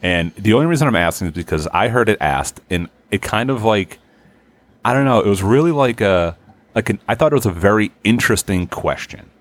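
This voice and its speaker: A man's voice: lowish voice, lively intonation, fairly quick, dry recording. A man co-hosting a podcast in casual chat, laid-back and swearing freely. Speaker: podcast co-host.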